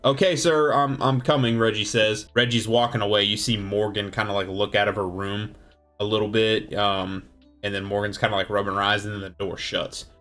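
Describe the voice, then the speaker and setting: A man's voice: on the low side, completely flat delivery, brisk, a bit bright, faint music behind. A man narrating a casual tabletop game as game master, loose and rambling with many fillers.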